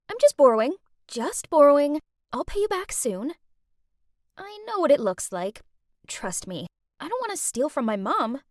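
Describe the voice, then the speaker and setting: A young woman narrating an animated story in the first person, dramatic and confiding. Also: sits high, dry recording, clean studio sound.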